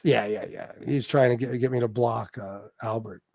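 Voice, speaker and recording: A man's voice: mid-range voice, steady tone, normal speed, gravelly, a little mellow, no room sound. Blunt, profane man hosting a livestream. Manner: blunt and profane, reading out viewer names. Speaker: livestream host. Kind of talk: casual livestream chat.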